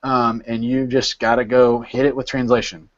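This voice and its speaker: A man's voice: medium pitch, level tone, moderate pace, highs cut off. A man leading an informal study session over a video call, explaining step by step and repeating words as he thinks.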